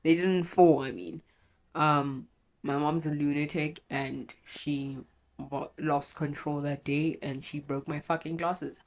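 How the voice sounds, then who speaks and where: A woman's voice: low-pitched, flat delivery, takes it slowly. A young woman telling a painful personal story in a raw, emotional way, swearing and correcting herself, teary with a runny nose from crying. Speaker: storytelling vlogger.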